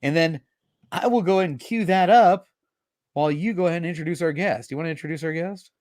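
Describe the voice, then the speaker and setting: Man, slightly high voice, dry close sound, casual co-host, relaxed banter. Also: fast, no echo. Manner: relaxed banter, reads out sales figures. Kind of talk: casual chat.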